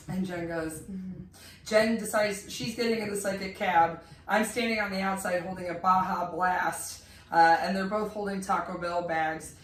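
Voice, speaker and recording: A young woman recounts a mishap with lively, laughing energy and plays out the quotes herself. The sound is roomy and captured from some distance, with faint background noise. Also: on the low side, normal speed. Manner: animated, laughing, acts out quotes. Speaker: storyteller co-host. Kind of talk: casual storytelling chat.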